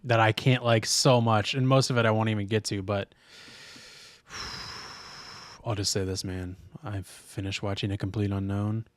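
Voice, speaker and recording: A man's voice: fairly low pitch, little pitch movement, unhurried, long pauses, no room sound, studio quality. A young man co-hosting a comedy podcast in a casual chat, joking crudely and ranting playfully. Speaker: podcast co-host.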